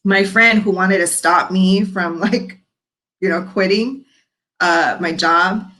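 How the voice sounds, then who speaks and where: A woman's voice: fairly low pitch, slow, bright, forceful tone, poor audio. A woman guest in her thirties on a podcast, telling her story frankly and expressively, acting out the voices of people she quotes. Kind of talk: candid storytelling interview.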